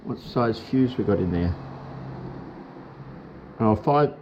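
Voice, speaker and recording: A man's voice: lowish voice, lively intonation, slow, highs cut off. A man casually explaining a motorcycle job step by step in a chatty, upbeat way. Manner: chatty, upbeat, talks through each step. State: has hiccups. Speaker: motorcycle vlogger. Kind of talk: casual how-to talk.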